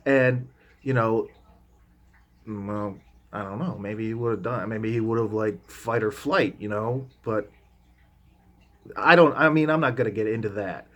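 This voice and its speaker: A man's voice: fairly low pitch, a little slow, pauses often, fairly bright tone. A man rambling through an anecdote. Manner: loose and conversational, lots of restarts and asides; casual, drops the odd swear word. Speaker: vlogger.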